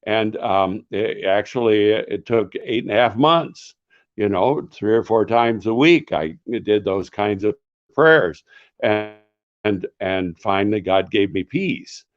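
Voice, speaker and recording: An older man speaks very slowly in a fairly low voice, earnest and reflective as he answers questions about his books and his years as a pastor. He pauses often to find his words. The sound is dull and lo-fi, like audio from a video call. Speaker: author and former pastor. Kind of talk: answering questions in a live author session.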